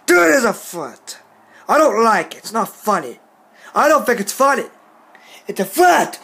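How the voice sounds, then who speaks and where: A man ranting to his phone camera in a vlog, scolding and repeating himself slowly and emphatically. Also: sits high, sing-song, fairly bright tone, slightly rough. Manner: repetitive, scolding, slow and emphatic. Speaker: video uploader. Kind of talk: angry vlog rant to camera.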